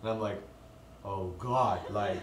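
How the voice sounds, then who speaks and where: A man's voice: on the low side, slow, a crowd in the background. A young man telling a casual story among friends, laughing as he goes and acting out what people said. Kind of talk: casual chat. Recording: roomy, distant mic, noisy background.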